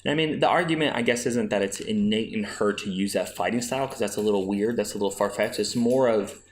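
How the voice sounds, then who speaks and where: A man's voice: fairly low pitch, quick pace. A man hosting a podcast, making his case in a chatty, argumentative way with many restarts. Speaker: podcast host. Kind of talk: casual fan discussion.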